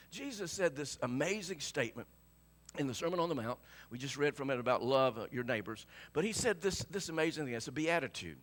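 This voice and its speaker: A pastor preaching to his congregation, his voice higher than most men's and bright and forward. He tells the story in an animated way, swinging widely in pitch as he acts out both sides of a conversation. He often stumbles, repeating and restarting his words. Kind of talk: sermon storytelling.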